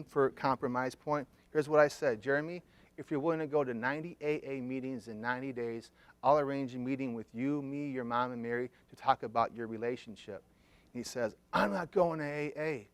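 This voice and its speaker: A middle-aged man, a therapist, telling a client story to an audience and acting out the quoted dialogue in lively fashion. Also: mid-range voice, dry recording. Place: conference room.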